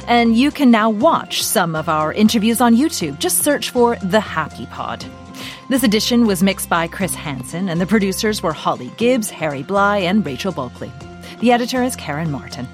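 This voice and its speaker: Lively woman presenting a news podcast. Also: medium pitch, moderate pace, soft background music. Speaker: podcast host. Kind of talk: scripted presenting.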